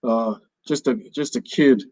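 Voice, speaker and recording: A man's voice: medium pitch, measured pace, a little mellow, no room sound, poor audio. A man from New Jersey hosting a business radio show, talking casually in a playful, theatrical way. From New Jersey, USA. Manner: playful and theatrical, jokingly overdramatic.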